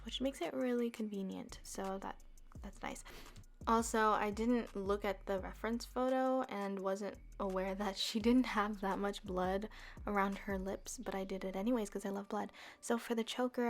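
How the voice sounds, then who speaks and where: A woman chats her way through a casual makeup tutorial with easy, self-deprecating asides. Her voice sits at a middle pitch with a gravelly fry, and soft music plays faintly behind her. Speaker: beauty vlogger.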